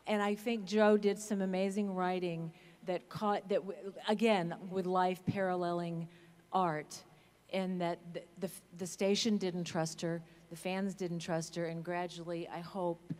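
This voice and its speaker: Woman on a fan panel: unhurried, frank, pokes fun at herself; big echoey hall. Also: fairly low pitch, level tone, darkish tone. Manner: frank, self-mocking, laughs at herself. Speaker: actor on a convention panel. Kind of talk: candid panel remarks. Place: large convention hall.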